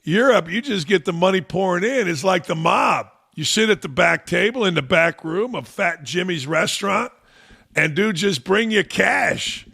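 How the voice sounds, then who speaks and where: Sarcastic, gravelly sports show host. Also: male voice, high voice, expressive, moderate pace, pushed and bright. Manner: sarcastic and mocking. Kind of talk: sports commentary rant.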